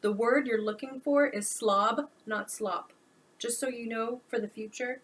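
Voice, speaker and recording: A woman's voice: a little high, fairly even intonation, measured pace, a bit bright, a little hiss or hum. A woman reading a weary, sarcastic homeless man. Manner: dry, sarcastic muttering. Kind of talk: audiobook narration.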